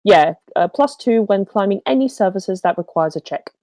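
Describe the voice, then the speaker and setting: A woman player working through her turn in a tabletop game, hesitant and full of ums, cursing freely. Her voice sits at an ordinary middle pitch. The sound is dry, with no room sound. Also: lively intonation, moderate pace, mellow, no echo, poor audio. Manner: hesitant, lots of ums and swearing. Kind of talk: casual tabletop game chat.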